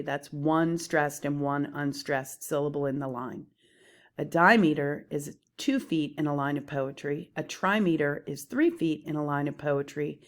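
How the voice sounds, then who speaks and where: A woman with a low voice teaches poetry terms from her slides. She speaks slowly and deliberately, pausing as she explains each term.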